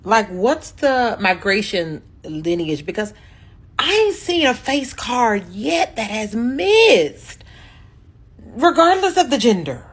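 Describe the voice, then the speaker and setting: A woman's voice: a little high, big pitch swings, slow, slightly rough. A woman gushes in slang in a casual social media video. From United States. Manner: effusive and gushing, full of slang.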